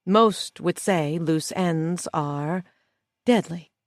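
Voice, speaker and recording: A woman voicing a smug, cold female schemer who speaks calmly and condescendingly. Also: fairly low pitch, no echo, studio quality. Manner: calm, slow and condescending.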